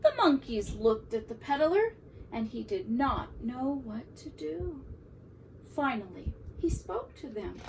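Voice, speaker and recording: A woman teacher reading a picture book aloud to young children in an expressive, animated way. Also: fairly high pitch, takes it slowly, distant mic, a little hiss or hum, rough recording. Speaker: preschool teacher.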